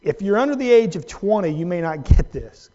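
A man with a very high voice preaching a sermon in a church, swinging between hushed near-whispers and loud, high-pitched emphasis. The recording sounds dull and lo-fi. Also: sing-song, fairly quick. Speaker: pastor. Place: church sanctuary.

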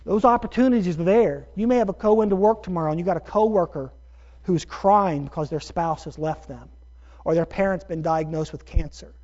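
A middle-aged man, a pastor, telling a story in a sermon with animated, self-deprecating bursts of energy. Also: sits high, brisk. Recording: dull lo-fi sermon recording.

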